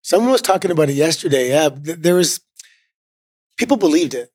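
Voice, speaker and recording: Relaxed Canadian man telling stories. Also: on the high side, a little fast, no echo, clean studio sound. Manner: relaxed storyteller, many fillers. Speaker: guest, former wrestler. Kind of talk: casual interview chat.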